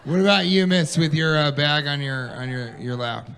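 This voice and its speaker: A man doing stand-up comedy on a club stage, telling animated stories and putting on mocking high voices for the people he quotes. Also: normal speed, creaky. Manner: animated storytelling, quoting his partner in a mocking high voice.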